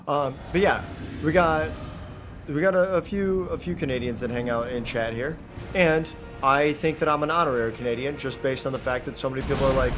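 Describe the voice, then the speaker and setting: A man with a Michigan accent commentates his game live, teasing his viewers and bursting out loud when he takes a hit. His voice sits at an ordinary pitch. Game music plays clearly underneath him. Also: a little fast. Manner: chatty, joking with chat, loud outbursts. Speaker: streamer.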